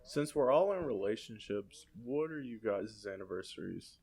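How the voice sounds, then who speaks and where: A man hosting a podcast, telling relaxed, rambling stories in a casual chat. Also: fairly low pitch, normal speed, creaky, breathy edge. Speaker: podcast host.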